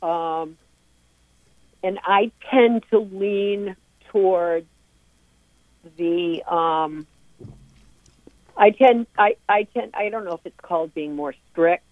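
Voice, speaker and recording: Middle-aged woman, low voice, earnest, emphatic, tinny dry phone line. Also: slow pace, pauses often, dry recording. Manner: earnest, emphatic, many restarts. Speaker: guest, parent of a recovering addict. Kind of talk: interview talk.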